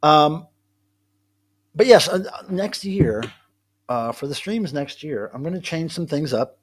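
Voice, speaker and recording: A man's voice: on the high side, animated, measured pace. A man hosting a casual live stream from home, chatting in a rambling way and answering viewers' comments. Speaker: livestream host. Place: at home with his cats.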